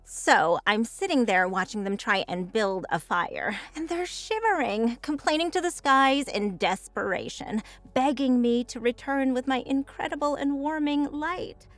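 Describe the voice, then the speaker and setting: A woman's voice: high-pitched, expressive, unhurried, fairly bright tone, dry recording, faint music behind. A woman voicing a vain, sardonic sun goddess in an audio drama, with a mocking, theatrical delivery.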